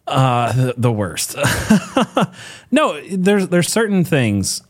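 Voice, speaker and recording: A man's voice: fairly high pitch, big pitch swings, drawn-out words. A man co-hosting a live show, chatting in an opinionated, talkative way with frequent restarts. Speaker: co-host. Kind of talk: casual chat.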